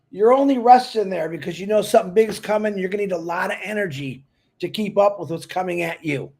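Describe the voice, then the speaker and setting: Gravelly, high-voiced man giving a pep talk. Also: quick pace, darkish tone. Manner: upbeat, teasing, pep-talk delivery. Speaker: co-host of a live stream. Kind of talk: casual chat and encouragement.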